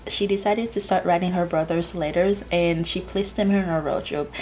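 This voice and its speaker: A woman's voice: fairly low pitch, darkish tone, slight background noise. A woman vlogging about her reading in casual chat, gushing and full of "like" fillers. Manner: chatty, gushing, many "like" fillers. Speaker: book vlogger.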